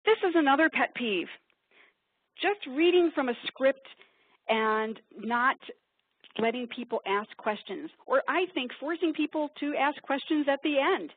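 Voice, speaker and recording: A woman from upstate New York presenting a webinar, talking quickly in a chatty, self-deprecating way. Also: sits high, animated, no echo. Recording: tinny phone-like webinar audio.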